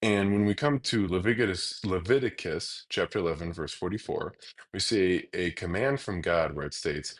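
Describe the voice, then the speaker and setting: A man teaching a Bible lesson in a relaxed, explanatory way, often pausing with hesitations as he talks. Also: low voice. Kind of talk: casual teaching monologue.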